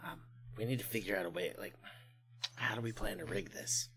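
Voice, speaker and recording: A man's voice: fairly low pitch, a little fast, creaky, a bit bright. A man playing a tabletop game, telling the story in a rambling way and laughing often. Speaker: player. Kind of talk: casual tabletop role-play.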